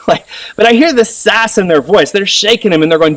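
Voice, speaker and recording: A man in his thirties preaching a sermon as pastor, animated and acting out the voices of others. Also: fairly quick, no room sound. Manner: animated, acts out voices with rising pitch. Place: church sermon recording. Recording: voice a little distant from the mic.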